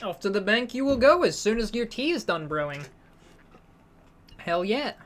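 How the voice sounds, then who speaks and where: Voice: mid-range voice, big pitch swings, normal speed, a bit bright. A streamer with a slight British accent chatting casually while playing a game live, answering chat and often restarting sentences.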